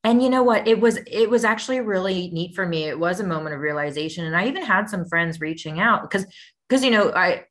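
Young woman guest, low voice, earnest and upbeat explainer. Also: a bit bright. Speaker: guest, real estate investor and author. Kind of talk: conversational interview.

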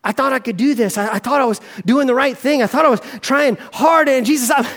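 A pleading, apologetic male believer in prayer, put on by a man, hushed and earnest. The voice sits very high, and the delivery is quiet and humble. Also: fast talker. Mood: remorseful. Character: remorseful male believer praying for help.

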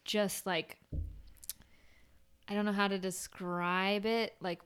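A woman's voice: medium pitch, flat delivery, slow pace, a bit bright, clear, resonant tone. A young woman who works as a burn-unit nurse, talking candidly in a casual conversation, rambling with lots of "like.".

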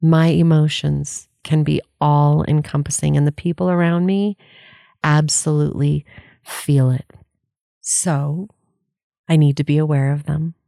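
A woman's voice: sits low, steady tone, a little slow, creaky, dark tone, dry recording, clean studio sound. A woman life coach giving an earnest, candid motivational talk, laughing often and swearing casually.

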